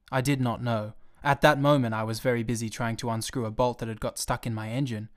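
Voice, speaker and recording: A man reading a storybook aloud in a gentle, expressive and unhurried way. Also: mid-range voice. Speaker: storybook reader.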